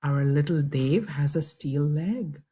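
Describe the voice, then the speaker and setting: A woman's voice: deep voice, slow pace, warm tone, husky. A woman telling a children's story and its moral, chatty and addressing listeners directly.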